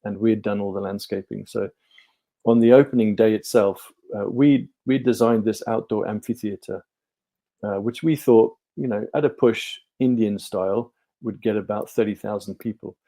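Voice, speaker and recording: Mellow-voiced man telling stories. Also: on the low side, fairly even intonation, moderate pace. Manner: rambling, many ums and restarts. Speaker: podcast guest, life coach. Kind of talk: relaxed storytelling interview.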